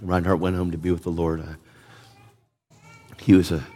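A man's voice: low-pitched, level tone, moderate pace, warm tone, soft background music. A man preaching a sermon in an emphatic, conversational way, repeating words for emphasis. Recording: long reverb of a large hall.

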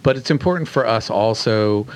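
A man's voice: on the low side, normal speed. A man hosting a podcast in casual chat, easygoing and steering the talk. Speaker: podcast host.

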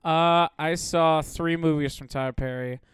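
A man co-hosting a casual podcast, an animated storyteller who laughs a lot and acts out loud quoted voices. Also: on the high side, a little slow, clean tone, no room sound, studio quality. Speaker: podcast co-host.

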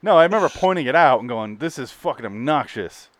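A man's voice: mid-range voice, quick pace, dry recording. A man co-hosting a podcast, chatting casually about movies, swearing often and telling stories with laughs. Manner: animated, swearing, laughing storyteller. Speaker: podcast co-host.

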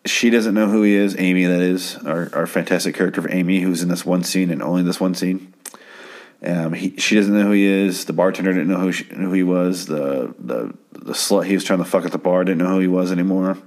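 A man's voice: low voice, a little fast, darkish tone. A man casually recapping a TV episode at home, rambling and stammering with plenty of swearing. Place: home at night.

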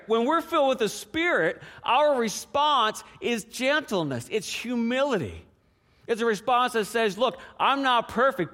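A pastor preaching a conversational sermon full of rhetorical questions, dropping to a hushed prayer and rising to animated emphasis. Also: male voice, very high-pitched. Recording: preaching in a reverberant hall.

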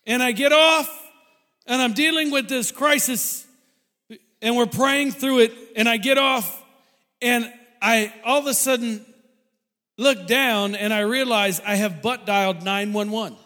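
A man telling a funny personal story to an audience, animated and laughing often mid-sentence. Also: very high-pitched, unhurried, long reverb tail.

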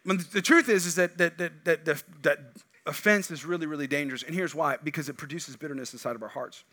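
Middle-aged pastor guy preaching, kinda high voice, gets loud then drops way quiet. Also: fast talker. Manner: animated, swings from loud emphatic bursts to quiet asides. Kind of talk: sermon.

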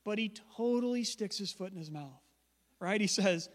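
High-voiced male pastor in a reverberant church. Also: fairly quick. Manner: conversational, humorous asides, emphatic. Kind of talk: sermon. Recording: long church hall reverb.

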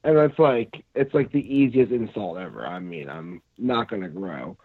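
A man's voice: fairly low pitch, expressive, slightly rough. Man with a tinny phone-line sound. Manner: rambling, halting, filler-heavy. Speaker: pro wrestler guest. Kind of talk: casual podcast chat.

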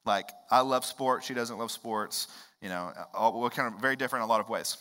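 A man, preaching a sermon in a conversational way that swings up into loud, emphatic rises. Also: medium pitch, brisk. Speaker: pastor.

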